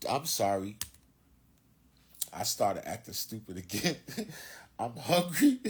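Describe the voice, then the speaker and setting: A man's voice: on the low side, very animated, takes it slowly, long pauses, husky. A man with a Philadelphia accent talking loosely and profanely to viewers on a phone livestream, swaggering and preachy. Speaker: livestream host. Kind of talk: casual livestream monologue.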